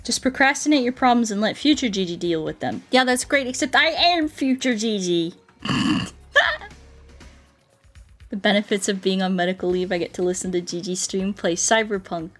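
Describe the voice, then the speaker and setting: A woman's voice: medium pitch, lively intonation, normal speed, long pauses, faint music behind. A woman streaming a game, chatting playfully with her viewers and breaking into silly songs and mooing. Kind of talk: casual gameplay commentary.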